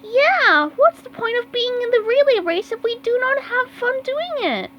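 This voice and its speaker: A woman reading a storybook aloud, voicing a bubbly, eager male sea sponge in a squeaky voice. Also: lively intonation, normal speed, highs cut off, noisy background.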